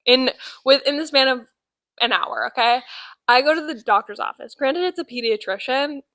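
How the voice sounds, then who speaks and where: Nineteen-year-old podcast co-host, high-ish bright voice, animated storyteller. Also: female voice, normal speed, no room sound, low-quality recording. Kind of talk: casual chat, storytelling.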